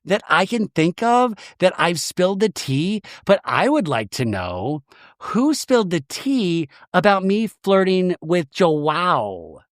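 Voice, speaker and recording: A man's voice: high voice, sing-song, slow pace, no room sound, studio quality, heavily acted. A man doing an impression of a quirky, flustered young woman who rambles breathlessly.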